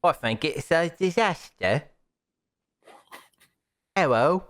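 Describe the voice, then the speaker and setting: A man's voice: fairly high pitch, animated, slow, fairly bright tone, pitched above the performer's own voice. A man putting on a clumsy British-accented action hero voice as a joke, laughing between lines. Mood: goofy.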